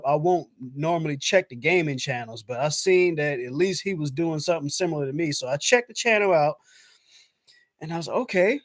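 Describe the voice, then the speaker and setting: A man from the States talks to his stream viewers in a relaxed, rambling way, his voice sitting a little high for a man. He livens up whenever he acts out what he was thinking, and the sound is close and dry. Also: no room sound. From United States. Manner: loose and chatty, lots of "man" and "I was like"; animated when acting out his own past thoughts. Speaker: YouTube channel host. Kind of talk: casual live-stream chat.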